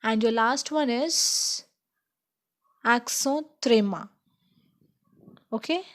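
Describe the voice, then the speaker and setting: A woman teaching a slow beginner French lesson, checking in with "okay?" as she explains each point. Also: a little high.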